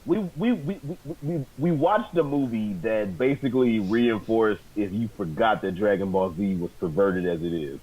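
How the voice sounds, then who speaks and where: A man's voice: on the low side, moderate pace, hardly any pauses, darkish tone, husky, poor audio. A man co-hosting a casual movie review chat, blunt and swearing freely, often stammering on restarts.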